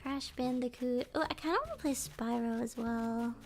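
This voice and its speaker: Chatty streamer woman with a gravelly edge. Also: fairly high pitch, normal speed. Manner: chatty, laughs often, drops to whispers. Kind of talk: casual gameplay chat. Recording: faint game music behind. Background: faint game music.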